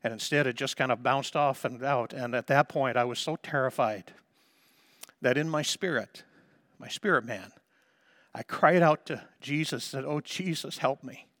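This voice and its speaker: Man, pastor, sermon testimony, medium pitch, hushed to impassioned, dry close sound. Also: normal speed, dry recording.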